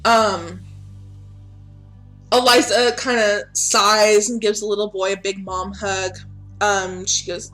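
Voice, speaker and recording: A casual woman game master narrates a tabletop game, chatty and loose and swearing freely. Her voice is bright, and her narration is filled with fillers. Faint music plays underneath. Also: medium pitch, steady tone, slow pace, pauses often.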